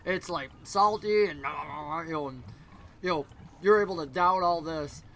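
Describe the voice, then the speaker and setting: A man narrating a tabletop game as game master, rambling and dropping into quick character voices. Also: fairly high pitch, fairly bright tone, a little hiss or hum, low-quality recording.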